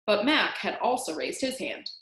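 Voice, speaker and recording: A woman reading a children's book aloud, animated and singing out the sound effects. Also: mid-range voice, moderate pace. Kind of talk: read-aloud storytelling. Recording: roomy echo.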